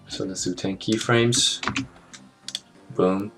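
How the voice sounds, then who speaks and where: A man walking through an animation software tutorial in a casual, think-aloud way, with fillers and small jokes. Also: deep voice, steady tone, unhurried, long pauses. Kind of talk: screen-recorded software tutorial narration. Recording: clear background music under the voice.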